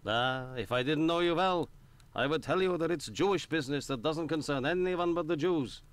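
A man's voice: a little high, normal speed, clear, resonant tone, natural voice. An actor playing a guarded, earnest Jewish man in Victorian London in a video game, explaining things earnestly.

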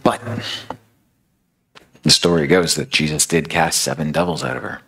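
A man's voice: very deep voice, sing-song, normal speed, gravelly, bright, forceful tone, a little hiss or hum, poor audio. A man giving a sermon as a casual, conversational retelling of a story. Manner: casual, filler-heavy retelling. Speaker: speaker.

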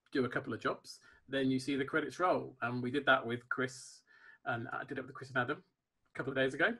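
Posh-sounding man with a bright, husky voice. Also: medium pitch. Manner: posh-sounding, good-humoured. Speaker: podcast co-host. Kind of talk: casual podcast chat.

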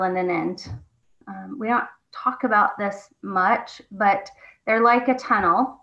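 A woman with a bright, crisp voice explains her point slowly and thoughtfully. Her voice echoes around the room, and the lo-fi webinar audio sounds dull. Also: mid-range voice. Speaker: webinar speaker on parenting. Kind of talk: reflective talk.

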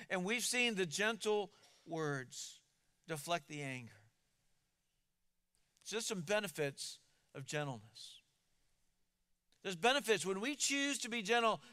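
A man preaches with an earnest, emphatic manner, often doubling words as he presses a point. His voice sits high for a man and sounds smooth and resonant throughout. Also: pushed and bright. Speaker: pastor. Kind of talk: sermon.

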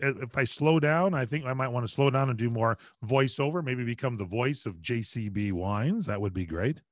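Chatty animated radio man on a video call. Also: mid-range voice, no echo. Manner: lively, chatty, quick to joke. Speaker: radio broadcaster, guest. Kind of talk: animated storytelling in conversation.

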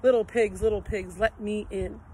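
A woman's voice: mid-range voice, fairly even intonation, moderate pace, darkish tone, slight background noise, lightly acted, low-quality recording. A woman voicing a hungry, hot-tempered big bad wolf in a storybook reading, drawing out her threats. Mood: menacing.

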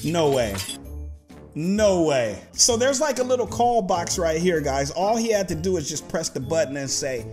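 A man's voice: fairly high pitch, expressive, moderate pace, over music. A young man hosting a casual reaction video, laughing often and talking to his viewers. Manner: laughs often, playful slang, addresses viewers as guys. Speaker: YouTube host reacting to clips.

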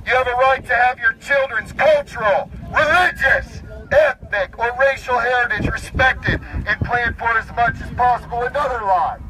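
A man speaking at an outdoor street protest, his voice pitched high and sharp with tension. He reads out official rules and knocks each one down in a blunt, indignant tone. Faint street noise sits behind him. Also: moderate pace, few pauses, poor audio. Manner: indignant, reads rules aloud then rebuts them bluntly. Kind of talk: impassioned protest speech.

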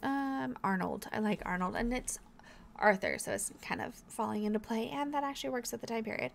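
A woman's voice: fairly high pitch, fairly quick, gravelly, slight background noise. A young woman hosting a let's play, giving casual gameplay commentary in a chatty, encouraging way as she thinks aloud.

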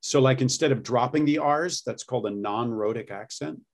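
A man's voice: mid-range voice, moderate pace. A middle-aged man coaching accents in a casual interview. He explains patiently and slips into short demonstrations as he goes.

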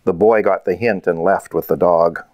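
A man's voice: low voice, fairly even intonation, moderate pace, darkish tone, no echo. Man reading a children's story aloud. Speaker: author reading his book.

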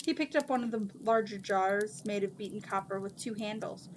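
A woman reading a fantasy novel aloud in a steady, unhurried voice. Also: medium pitch, a little hiss or hum. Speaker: reader.

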